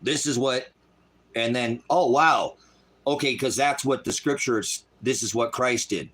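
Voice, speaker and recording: A middle-aged man preaching in an angry, profane livestream style, voice swinging loud. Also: mid-range voice, a little slow. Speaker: street preacher.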